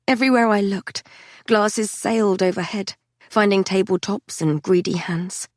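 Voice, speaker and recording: A woman narrating a first-person novel in a measured, quiet storytelling manner. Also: mid-range voice, no room sound, studio quality. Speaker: audiobook narrator.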